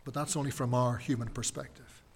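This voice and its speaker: A man preaching a sermon in a measured, emphatic way, repeating key phrases and letting his voice fall quiet at the ends. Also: medium pitch, fairly even intonation, big-room sound.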